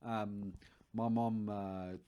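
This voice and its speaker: A man from Britain co-hosting a comedy podcast, swearing freely and tossing in quick, crude asides. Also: on the low side, flat delivery, smooth, muffled recording. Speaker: podcast co-host. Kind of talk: casual comedic chat.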